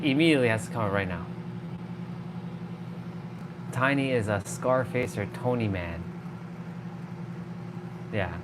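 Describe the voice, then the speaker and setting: A man hosting a livestream, talking casually and telling an animated story, swearing freely. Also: medium pitch, background noise. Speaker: livestream host.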